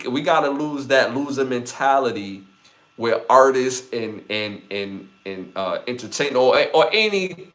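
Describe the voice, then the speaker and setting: Slangy Brooklyn man hosting a podcast. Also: mid-range voice. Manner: repeats phrases, gives shout-outs, loose slangy delivery. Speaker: podcast host. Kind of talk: live podcast chat with viewers.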